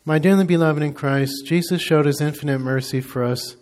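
A man, a priest, preaching a sermon in a deliberate, emphatic way. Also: on the high side, a little mellow.

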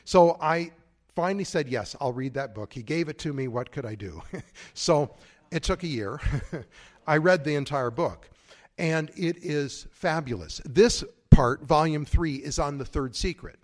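A man's voice: a little high, lively intonation, unhurried. A man who is a priest, giving a conference talk in a conversational, digressive way with frequent asides.

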